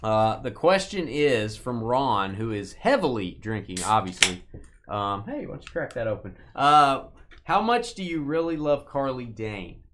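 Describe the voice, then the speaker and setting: A man's voice: medium pitch, sing-song, unhurried, fairly bright tone, a little hiss or hum. A man hosting a live card break, chatting casually and joking while calling out player names from the packs.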